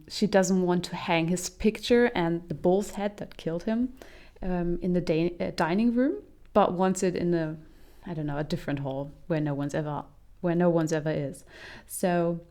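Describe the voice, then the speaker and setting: A woman's voice: fairly low pitch, mellow. Chatty woman reviewing a film, um-filled. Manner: chatty, frequent um's and self-restarts, laughs while talking. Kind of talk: casual comedic film review.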